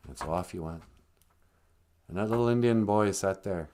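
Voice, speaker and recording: A man telling a comic story on a live stream, rambling with deadpan asides. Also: low voice, normal speed.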